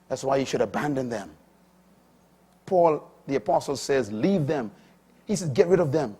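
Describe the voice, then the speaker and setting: An older man preaching a sermon, swinging between loud, high emphatic bursts and low, quiet asides. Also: a little fast, breathy edge.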